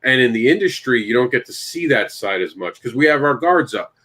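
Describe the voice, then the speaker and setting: A man at an ordinary middle pitch, talking in a loose, chatty way. He hosts the show and tells long stories with lively energy. He keeps turning to his co-hosts and asking them questions. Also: fairly quick. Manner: animated storyteller, talks to co-hosts by name. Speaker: podcast host and comic creator. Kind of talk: casual chat.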